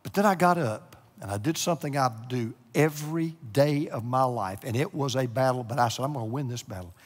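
A middle-aged male pastor preaching a sermon, moving between hushed, near-whispered lines and loud, emotional passages. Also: medium pitch, a little fast. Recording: echoey hall with long reverb.

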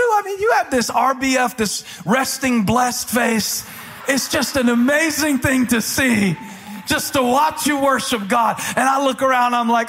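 A man with a strikingly high voice preaches a live sermon in a church, shouting with passion and slipping into a sung, rhythmic cadence. He breaks off for playful asides to the congregation. Faint music sits underneath him. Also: moderate pace. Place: church sanctuary before a congregation.

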